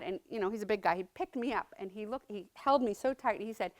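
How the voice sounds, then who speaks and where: A woman's voice: medium pitch, animated, fairly quick, hardly any pauses. A middle-aged woman giving a personal testimony talk, conversational and earnest, often checking in with the audience by asking "right?". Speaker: speaker sharing her story as a mother.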